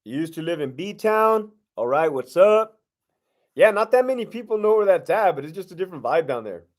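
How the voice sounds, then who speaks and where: A middle-aged man with a fairly high voice hosts a loose live-stream Q&A, reading out viewers' questions one after another. He answers bluntly, swears freely and slips into streetwise slang, the way a former prison lieutenant talks off the clock. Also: big pitch swings, normal speed.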